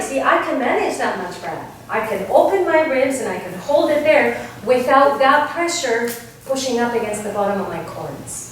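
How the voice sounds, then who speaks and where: Echoey, animated woman vocal coach. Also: fairly high pitch, slight background noise. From Argentina. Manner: lively and animated, often checking in with "right?". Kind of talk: teaching a vocal workshop. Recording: distant mic in a very echoey room.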